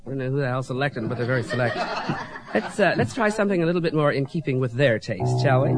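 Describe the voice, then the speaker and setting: Brief: male drag comic, high voice, camp stage banter. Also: big pitch swings, loud music behind the voice. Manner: campy, theatrical, quick asides. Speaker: drag comedian. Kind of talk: stage comedy patter.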